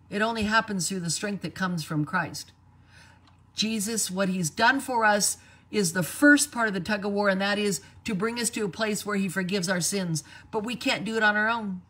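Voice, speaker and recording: A woman preaching a sermon in a lively way, acting out quoted voices. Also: medium pitch. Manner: animated, acts out quoted voices.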